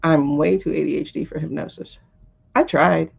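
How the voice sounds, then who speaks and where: A woman's voice: low voice, steady tone, moderate pace, vocal fry, husky, lo-fi sound. A middle-aged woman hosting a tarot livestream, talking in a rambling, chatty way and answering viewer comments. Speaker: tarot reader and livestream host. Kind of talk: casual livestream chat.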